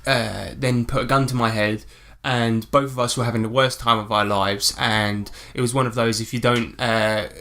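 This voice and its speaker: A man's voice: medium pitch, steady tone, normal speed, hardly any pauses, bright, forceful tone. A man co-hosting a podcast, animatedly retelling a tabletop game session, with swearing and lots of fillers. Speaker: podcast co-host. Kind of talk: casual storytelling about a game.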